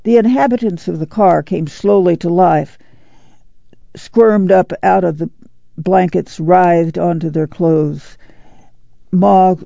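A narrator with a gravelly, very dark voice reads steadily and unhurried. The sound is dull and dry, with no room around it. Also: mid-range voice, no room sound. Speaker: audiobook narrator. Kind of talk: audiobook narration.

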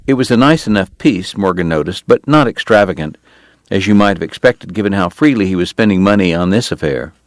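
A male audiobook narrator with a lowish voice and a dry, close sound. He tells the story evenly and steadily, in a measured read. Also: lively intonation, dry recording. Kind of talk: scripted narration.

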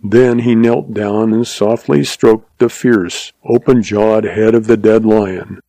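Warm-voiced male storyteller. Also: lowish voice, steady tone, slow pace, no room sound, low-quality recording. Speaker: narrator. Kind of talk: audiobook story narration.

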